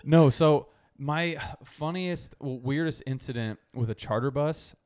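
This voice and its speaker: A man's voice: fairly high pitch, measured pace, darkish tone, clear, resonant tone. A man in his thirties in casual podcast chat, blunt and crude in his jokes. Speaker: podcast co-host.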